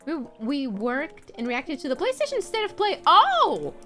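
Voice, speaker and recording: A woman's voice: high voice, big pitch swings, moderate pace, soft background music. A woman streamer chatting casually with her viewers, playful, laughing often and swearing now and then.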